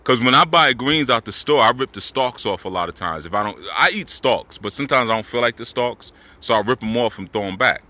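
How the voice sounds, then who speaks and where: A man's voice: medium pitch, expressive, a little fast, few pauses, sharp tone. A man telling stories in a laid-back, rambling way with slang while walking outdoors in the woods. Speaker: spiritual teacher. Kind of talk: casual talk while walking.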